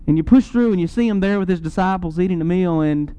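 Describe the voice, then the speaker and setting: A man's voice: sits high, fast, warm tone, smooth, lo-fi sound. A man preaching a sermon, earnest and rising to emphatic peaks.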